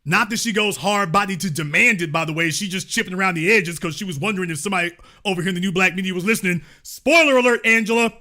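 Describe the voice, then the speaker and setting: A man's voice: high-pitched, quick pace, sharp tone. A middle-aged man hosting an online show, giving sarcastic political commentary full of mocking, theatrical rhetorical questions.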